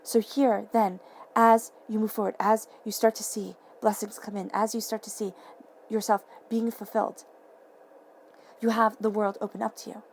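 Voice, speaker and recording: A woman giving a tarot reading to camera, earnest and excitable, repeating affirming phrases and sometimes tripping over her words. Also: mid-range voice, normal speed, a little hiss or hum. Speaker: tarot reader. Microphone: camera mic.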